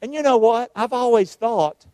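High-voiced preaching pastor, dry sound. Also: male voice, moderate pace, dark tone, dry recording. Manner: emphatic preaching with call-and-response. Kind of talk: sermon.

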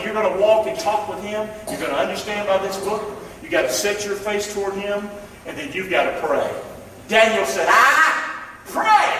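Man preaching, high and emphatic, recorded distant in an echoey sanctuary with faint room noise. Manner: emphatic, calls to the congregation, swings loud and soft. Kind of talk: sermon. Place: church. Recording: echoey church hall from far off, faint ambience.

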